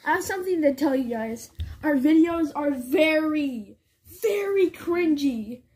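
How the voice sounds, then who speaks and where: A young woman co-hosting a gameplay video, teasing her partner with deadpan jokes. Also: high-pitched, a little slow. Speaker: co-host. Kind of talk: joking casual chat.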